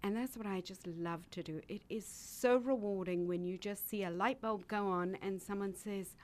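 A woman's voice: medium pitch, normal speed, few pauses, a little mellow. South African woman, an eager radio guest. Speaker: guest, life coach. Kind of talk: radio interview talk.

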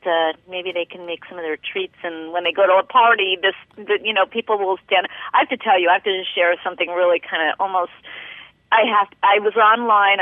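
A woman's voice: on the low side, dry recording. Chatty woman host on a tinny line. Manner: chatty, enthusiastic, rambling with many restarts. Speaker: show host. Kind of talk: casual interview chat. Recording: tinny dry phone-like audio.

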